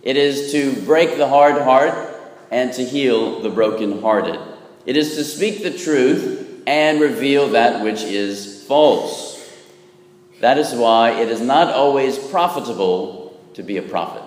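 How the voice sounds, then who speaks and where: Speaking a little slowly at medium pitch, a Catholic priest preaches a folksy, funny homily, frequently asking "right?" to check in with listeners. The church is echoey, with a long reverb.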